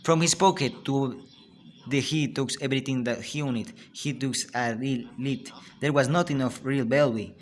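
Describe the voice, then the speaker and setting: With a mid-range voice and slight background noise, a man who is a native Spanish speaker and a student reads a story aloud. His Spanish accent comes through as he halts and restarts frequently.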